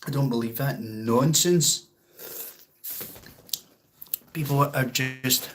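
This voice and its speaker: A man's voice: medium pitch, slow pace, pauses often, very noisy. A Scottish man hosting a casual livestream, rambling and chuckling as he answers viewer comments. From Scotland. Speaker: livestream host.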